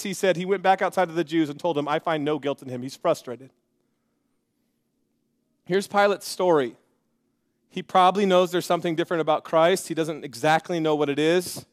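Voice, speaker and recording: A man preaching a sermon in an energetic, conversational way, with joking asides to the congregation. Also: sits high. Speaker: pastor. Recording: long reverb of a large hall.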